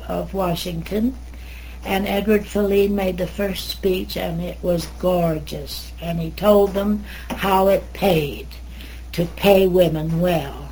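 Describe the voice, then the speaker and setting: A woman's voice: on the low side, slight background noise, poor audio. Older woman telling a wry memory. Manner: lively and wry, acts out dialogue. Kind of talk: oral history storytelling.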